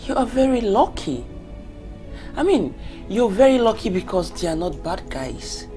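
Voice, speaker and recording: A woman's voice: medium pitch, sing-song, moderate pace, faint music behind, natural voice. An actress with a Nigerian accent playing a teasing, gossipy girlfriend with a mocking delivery. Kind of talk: film drama acting. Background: soft film score.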